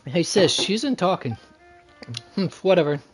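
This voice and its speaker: A man's voice: high-pitched, lively intonation, moderate pace, husky, soft background music. A young man streaming a game, reading its dialogue aloud, stumbling and restarting mid-line.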